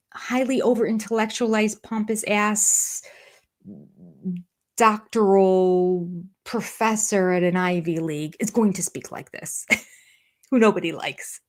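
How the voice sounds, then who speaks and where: An older woman hosting a live chat about reality TV, talking casually and sarcastically and laughing often. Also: mid-range voice. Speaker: reality TV review host. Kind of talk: live-stream chat with viewers.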